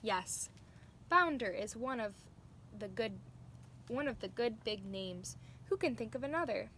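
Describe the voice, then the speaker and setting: A woman reading a storybook aloud to children, pausing to explain words. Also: on the high side, expressive, a bit bright, a little hiss or hum. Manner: slow, explaining words to young listeners. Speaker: storybook reader.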